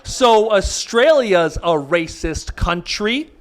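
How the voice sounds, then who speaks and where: A man's voice: high-pitched, lively intonation, takes it slowly. A man from the United States doing a live stand-up comedy set, brash and profane, often cutting himself off mid-thought. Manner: brash, profane, self-interrupting delivery. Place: live comedy venue with audience. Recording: audience laughter cutting over the mic.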